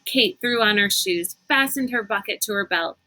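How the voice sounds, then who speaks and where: A woman reading a novel aloud in an unhurried, expressive storytelling manner. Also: medium pitch, rough recording. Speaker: reader.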